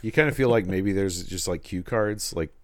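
A man co-hosting a podcast, making wry, animated comments about a movie. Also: low-pitched, moderate pace, no echo, studio quality. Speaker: podcast co-host. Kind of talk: casual movie chat.

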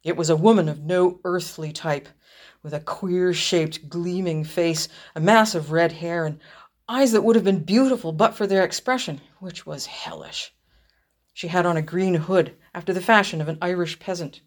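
A woman's voice: fairly low pitch, moderate pace, natural voice. A woman reading as a terrified old colonel. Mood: horrified. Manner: exclaiming, horrified. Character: startled army colonel, man, shaken by terror.

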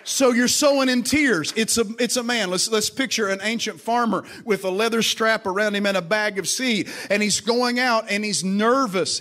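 A high-voiced man preaches to a congregation with emphasis and drive. He repeats key lines and urges the listeners to call back and turn to each other. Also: a little slow, few pauses, a bit bright. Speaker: pastor. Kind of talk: sermon. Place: church service with congregation.

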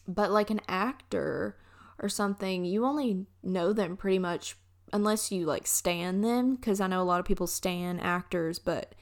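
A woman's voice: medium pitch, moderate pace. A young woman from Alabama with a Southern accent, hosting a casual solo podcast and rambling through a story with frequent restarts. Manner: rambling, chatty, trails off and restarts. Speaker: podcast host.

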